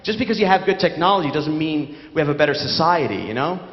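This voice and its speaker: Sardonic New stand-up, echoey hall. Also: male voice, on the high side, fast. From New York. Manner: sardonic, deadpan storytelling. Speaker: stand-up comedian. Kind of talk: stand-up comedy set. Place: large theater stage. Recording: echoey theater hall, dull lo-fi.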